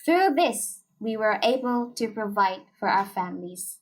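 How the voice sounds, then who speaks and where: Slow, earnest young woman reading a story. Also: mid-range voice, animated. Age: young adult. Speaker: story reader. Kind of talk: scripted narration.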